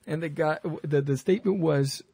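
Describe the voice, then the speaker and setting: A man's voice: fairly high pitch, normal speed, gravelly, dark tone, husky, dry recording. A man, a comic creator talking in a casual podcast roundtable, rambling through stories with many restarts.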